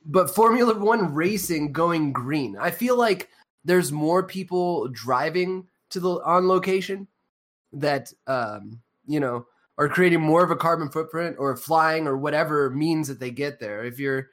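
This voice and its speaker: A man's voice: on the high side, measured pace, a bit bright. A man co-hosting a podcast in casual, profane chat, rambling with many fillers and a sarcastic edge. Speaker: podcast co-host.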